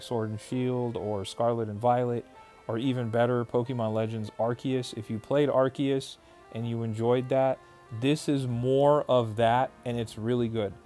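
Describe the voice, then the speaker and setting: A man hosting a livestream, reading viewer messages aloud and answering them in a loose, conversational way. His voice sits at a middle pitch, and he often stops to restart a sentence or fill a pause. Soft music plays faintly behind him. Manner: reads viewer chat aloud and answers casually, many fillers and restarts. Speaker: livestream host. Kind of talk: casual livestream chat.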